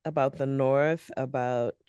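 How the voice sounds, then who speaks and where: A young woman co-hosting a podcast, relaxed and moving the chat from scene to scene. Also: a bass voice, a little slow, clear, resonant tone, dry recording, muffled recording. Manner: relaxed, steers the talk to the next scene. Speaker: podcast co-host. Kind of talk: casual chat.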